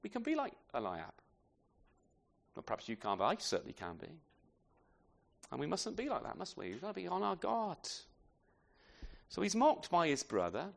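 A man's voice: sits high, wildly swooping pitch, normal speed, creaky, pauses often. Preacher man who keeps asking "isn't he?". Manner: conversational, frequent tag questions; self-deprecating asides. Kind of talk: expository sermon.

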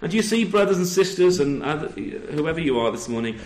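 A pastor preaches to his congregation at a church service, his voice on the high side and somewhat dark, expressive and a little quick. He tosses in rhetorical tag questions and dry, self-deprecating humor, and the recording has a roomy echo.

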